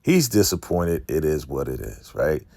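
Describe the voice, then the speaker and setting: A man with a very deep, low voice runs through a casual recap of a TV episode. He retells the scenes with animated energy and slips into quick impressions of the characters' lines. The sound is dry and close, with no room echo. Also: creaky. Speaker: TV recap host.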